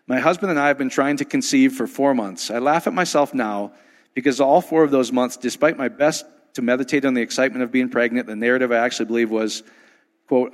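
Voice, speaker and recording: A man's voice: mid-range voice, fairly quick. Folksy rambling preacher man, reverberant. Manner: folksy, rambling, with frequent restarts. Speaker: preacher and podcast host. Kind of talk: casual spoken teaching.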